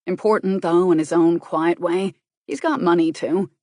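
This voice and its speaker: A brash, tactless male officer voiced by a woman reading a thriller audiobook, chattering and gossiping at a quick clip. The voice sits fairly low and is recorded close and dry. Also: warm tone, no echo, close to an everyday voice. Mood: teasing. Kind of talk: audiobook character voice.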